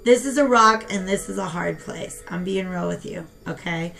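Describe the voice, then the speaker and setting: A young woman giving a casual tarot reading and talking straight to her viewers in a chatty, animated way. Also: lowish voice, normal speed, gravelly, faint music behind. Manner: chatty and animated, talks to viewers as "you guys". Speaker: tarot reader.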